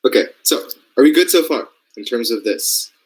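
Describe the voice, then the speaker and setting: A man's voice: medium pitch, expressive, normal speed, slightly rough, poor audio. Casual young man teaching code. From Canada. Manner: casual, thinking aloud, checks understanding often. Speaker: robotics programming mentor. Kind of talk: screen-share coding lesson.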